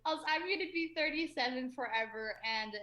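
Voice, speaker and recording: A woman's voice: high voice, brisk, bright, forceful tone, roomy sound. A woman hosting a casual video chat, upbeat and teasing. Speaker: host.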